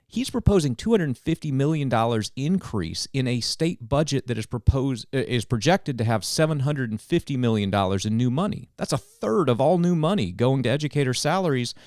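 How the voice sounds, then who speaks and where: Man, policy explainer, earnest and animated, dry close sound. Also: medium pitch, no room sound. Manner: earnest, detailed and animated, with quick restarts. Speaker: governmental affairs director. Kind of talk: explaining policy in a podcast chat.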